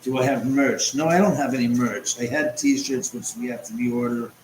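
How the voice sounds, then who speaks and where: A man hosting a live stream from his home, chatting and rambling as he answers viewers' comments out loud. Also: mid-range voice, fairly even intonation, normal speed. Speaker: host. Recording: roomy echo, faint background noise.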